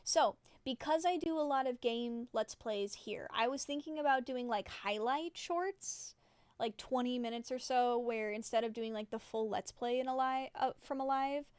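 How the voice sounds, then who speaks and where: Speaking at a normal pace, this young woman rambles and giggles through a relaxed chat with her livestream viewers, filling pauses with plenty of "like." Her voice is on the high side, smooth and clear, captured dry and up close without any echo.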